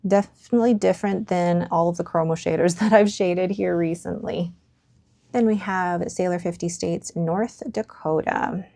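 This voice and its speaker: Low gravelly-voiced woman, soft chat. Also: steady tone, moderate pace, no echo, studio quality. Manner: chatty, musing, drops to near whispers at times. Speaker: stationery vlogger. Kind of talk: casual ink swatch review.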